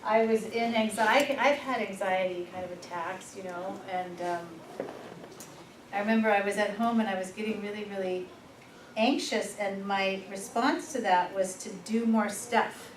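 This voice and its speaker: A woman presenting a workshop, telling personal stories in a lively, informal way and laughing at herself. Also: mid-range voice, a little slow. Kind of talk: personal storytelling in a workshop talk. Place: workshop room. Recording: echoey room, far from the mic, noisy.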